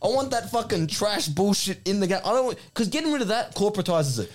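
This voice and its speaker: A man's voice: high voice, very animated, fast. A young Australian man chatting casually on a podcast, rambling and swearing freely. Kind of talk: casual chat.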